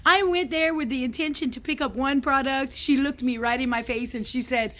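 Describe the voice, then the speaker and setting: A woman's voice: high-pitched, fairly quick, fairly bright tone. A woman in her thirties talking in a heartfelt personal vlog, emotional and close to tears, rambling with restarts. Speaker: vlogger.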